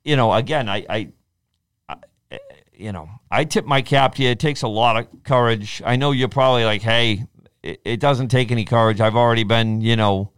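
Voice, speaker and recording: A man's voice: medium pitch, moderate pace, clear, resonant tone, no room sound, clean studio sound. A man in his forties chatting casually, acting out quoted speech as he tells his stories. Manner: animated storyteller, acts out quoted speech. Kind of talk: casual podcast chat.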